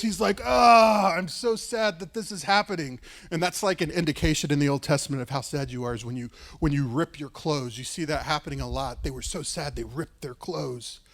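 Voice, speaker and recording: A male pastor retelling a story in a sermon, casual and lively, with frequent "like" and "right". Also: a little high, a little fast, hardly any pauses.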